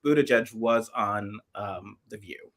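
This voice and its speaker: A man's voice: on the low side, unhurried. A man in his forties from South Carolina, co-hosting a casual political chat in an emphatic, impassioned way, often restarting his sentences. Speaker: podcast co-host.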